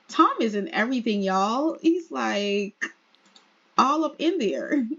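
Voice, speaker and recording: A woman's voice: fairly high pitch, very animated, slow, a bit bright. A woman giving chatty, giggly, casual commentary as she plays a life-sim game, on a slightly muffled lo-fi recording. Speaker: let's play host.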